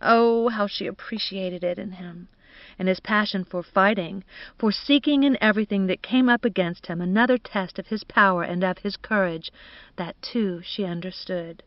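A woman narrating a literary audiobook in an expressive, measured reading. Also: mid-range voice, dry recording. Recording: dull, dry studio recording.

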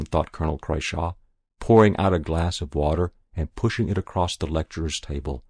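A man narrates a short story at an unhurried, measured pace. His voice sits very low. The recording is dry, with no room sound. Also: a little mellow, husky, no echo. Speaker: story reader.

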